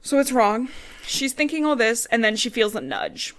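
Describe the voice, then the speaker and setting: A woman's voice: on the high side, very animated, moderate pace, fairly bright tone, slight background noise. A young woman co-hosting a podcast, recapping a book in casual chat, swearing freely and acting out characters' lines. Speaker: podcast co-host.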